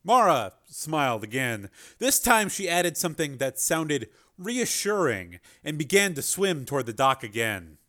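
Expressive man narrating an audiobook. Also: a little high, a little slow, hardly any pauses. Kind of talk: scripted narration.

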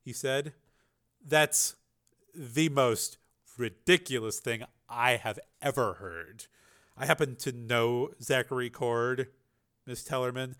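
A man reading a domineering male official who snaps and scorns, bursting into shouts. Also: medium pitch, natural voice. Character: angry, domineering middle-aged male official.

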